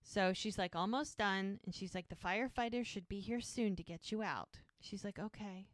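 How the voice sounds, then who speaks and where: A woman's voice: mid-range voice, normal speed, no room sound, studio quality. A woman co-hosting a podcast, casually recapping a TV episode and acting out the characters' lines as she retells scenes. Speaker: podcast co-host.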